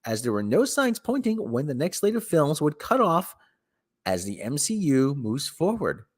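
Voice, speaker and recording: Sarcastic man with a lively voice. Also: fairly high pitch, normal speed, slightly rough. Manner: sarcastic, exasperated, sighs often. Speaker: podcast host. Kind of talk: casual chat about movie news.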